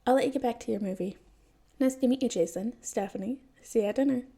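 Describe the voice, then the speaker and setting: A woman's voice: fairly high pitch, fast, mellow, slightly rough. Woman voicing a cheerful playful country dad. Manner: friendly, teasing, theatrical.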